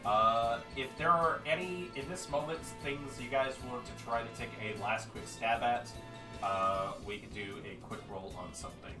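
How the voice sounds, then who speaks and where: A man's voice: mid-range voice, moderate pace. A man narrating a tabletop game as game master in a casual, laid-back way, swearing freely. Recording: roomy and distant, music behind.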